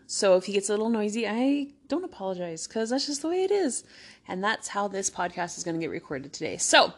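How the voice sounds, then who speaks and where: A young woman chatting casually on her own podcast from a room at home, bubbly and talkative, acting out her own thoughts as she goes. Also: medium pitch. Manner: bubbly and chatty, with lively self-quotes. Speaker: podcast host. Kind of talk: casual solo podcast talk. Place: room at home with a child playing nearby.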